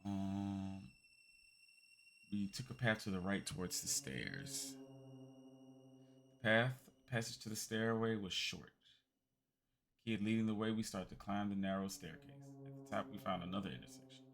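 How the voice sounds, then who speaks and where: A man streaming, reading a text game aloud as a calm bedtime story with quiet asides. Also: lowish voice, a little slow, vocal fry, pauses often, a little hiss or hum.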